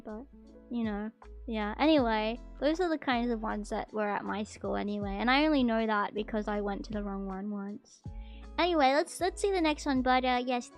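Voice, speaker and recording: A high-pitched woman talks casually on a live stream, reading viewer confessions aloud. She gets excitable and bursts into gasps and shrill protests. Soft music plays faintly in the background. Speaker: VTuber streamer.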